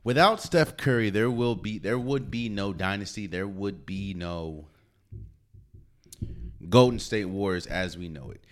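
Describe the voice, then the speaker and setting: A man's voice: fairly low pitch, measured pace. A man hosting a solo sports podcast, talking casually and stopping to repeat words as he restarts. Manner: animated, repeats words when restarting, laughs often. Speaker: podcast host. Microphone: podcast mic.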